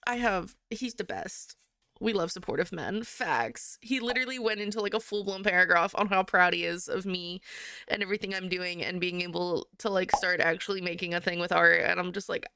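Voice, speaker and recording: A woman's voice: fairly low pitch, a little fast, creaky, bright, forceful tone, smooth, dry recording, studio quality. A young woman artist chatting casually and giggling while she draws live on stream. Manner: chatty and giggly, rambling with frequent laughs. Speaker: artist livestreamer.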